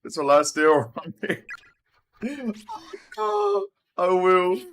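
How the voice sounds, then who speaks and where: A man's voice: sits high, wildly swooping pitch, slow, fairly bright tone, slight background noise. A man giving casual, joking commentary while playing a video game, swearing freely. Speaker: let's play gamer.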